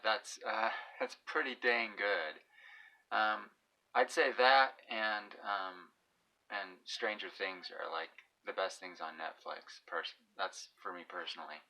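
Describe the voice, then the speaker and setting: A man's voice: lowish voice, sharp tone, low-quality recording. A man rambling casually through a show review, with lots of fillers and restarts and a wry, mildly fed-up tone. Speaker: vlogger reviewing shows.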